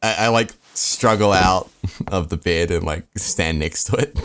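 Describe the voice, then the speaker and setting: A man playing a tabletop game casually, describing his actions haltingly. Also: deep voice, a bit bright, smooth. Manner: halting, many fillers and restarts, describing actions. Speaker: player.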